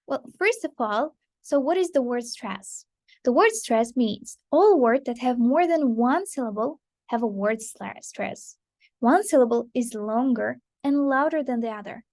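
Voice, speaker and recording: Female pronunciation teacher, slightly high pitch, keeps checking in with her class, recorded dry and close. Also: animated, unhurried, a little mellow, no room sound. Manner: repetitive, checks in often with "okay" and "right". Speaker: English teacher. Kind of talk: online pronunciation lesson.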